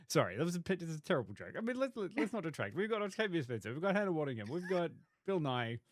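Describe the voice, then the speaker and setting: A man's voice: on the high side, big pitch swings, fast talker. Jokey male podcast host. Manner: jokey, laughing, rambling. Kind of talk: casual chat.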